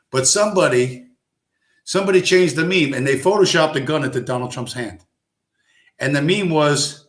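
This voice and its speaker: A man's voice: on the high side, moderate pace. Foul-mouthed ranting man in an echoey room. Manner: profane, aggressive, sarcastic. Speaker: stream host. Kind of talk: ranting live-stream commentary.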